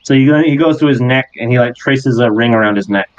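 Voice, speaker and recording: A man serving as game master, narrating a tabletop game in an animated, rambling way. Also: mid-range voice, quick pace, highs cut off.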